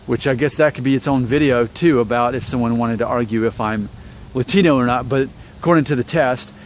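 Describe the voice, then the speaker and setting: A man's voice: mid-range voice, slight background noise. A man from Alabama talking to camera in a rambling, self-deprecating way, full of fillers and restarts. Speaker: YouTube vlogger. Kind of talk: casual talk to camera.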